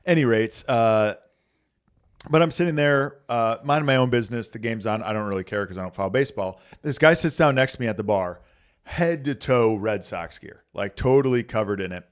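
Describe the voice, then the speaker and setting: A man's voice: medium pitch, fairly quick, clear, resonant tone. A man, a pastor, talking casually and earnestly on a podcast, telling stories with many filler words.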